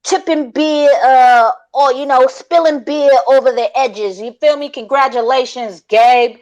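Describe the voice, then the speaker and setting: A man putting on a crude bloke, loud and raucous as he teases. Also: very high-pitched, unhurried, voice pushed up, poor audio. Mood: rowdy. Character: rowdy, crude Australian bloke.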